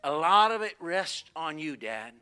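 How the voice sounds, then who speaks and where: A man's voice: a little high, measured pace, smooth, faint music behind. A middle-aged man, a pastor, preaching a sermon and telling family stories, acting out the voices of the people in them. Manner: animated storytelling, acts out quoted voices.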